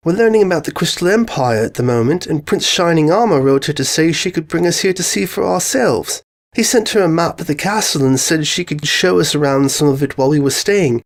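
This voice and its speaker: A woman's voice: sits low, animated, a little fast, voice pushed up. A woman voicing a young, shy male pony colt who talks nervously and apologetically. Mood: apologetic.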